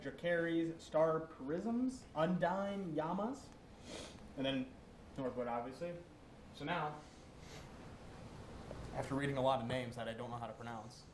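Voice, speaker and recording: A young man co-hosting a casual esports recap, joking as he rattles off player names. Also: on the high side. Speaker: co-host. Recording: echoey room, faint noise.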